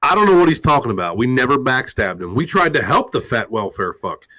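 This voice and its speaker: Loud, mocking male rant host. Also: big pitch swings, brisk, poor audio. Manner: loud, mocking and crude, swinging widely in pitch. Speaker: talk show host. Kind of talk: profane live-stream rant.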